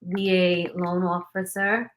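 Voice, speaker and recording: Woman podcast host, unhurried and slow speech, encouraging, casual interview chat. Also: fairly low pitch, little pitch movement, slight background noise.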